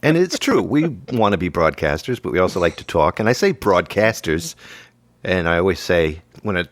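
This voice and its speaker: A man's voice: low-pitched, sing-song, moderate pace, no echo. A man hosting a comedy podcast, trading playful jokes and teasing in casual banter. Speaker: podcast host.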